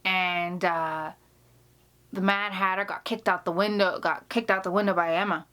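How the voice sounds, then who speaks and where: A woman's voice: lowish voice, steady tone, normal speed, sharp tone. A woman vlogger chatting casually indoors, telling a story with laughs and many restarts. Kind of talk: casual chat. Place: indoor room.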